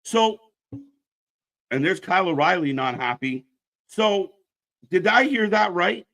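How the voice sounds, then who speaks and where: A man hosts a casual live wrestling stream in a bright, forceful voice that sits a little high. He rants bluntly and swears freely. Between rants he plugs the channel's upcoming shows. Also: expressive, a little slow, creaky. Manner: pitches channel shows to viewers.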